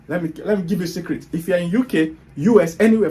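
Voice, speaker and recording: A man's voice: high voice, quick pace, warm tone. A man with a Nigerian accent giving a blunt motivational talk, scolding his listeners with rhetorical questions. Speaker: online business speaker.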